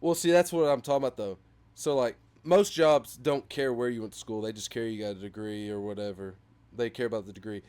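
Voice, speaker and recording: A young man co-hosts a casual podcast chat, rambling with plenty of filler words and getting animated when he retells memes. His voice is mid-range and brisk, with a clean tone.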